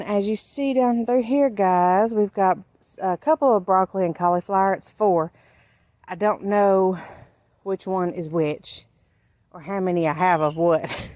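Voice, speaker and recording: A woman's voice: medium pitch, a little mellow, no echo. Folksy woman touring her garden. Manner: folksy, chatty, points things out as she walks. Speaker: homestead gardening vlogger. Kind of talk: casual garden tour. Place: outdoor vegetable garden.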